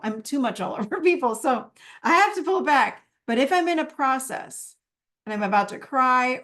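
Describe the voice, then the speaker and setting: A woman teaching a live masterclass in a conversational way, acting out the little inner dialogues she has with herself. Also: a little high. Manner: warm, conversational, acts out her own inner dialogue.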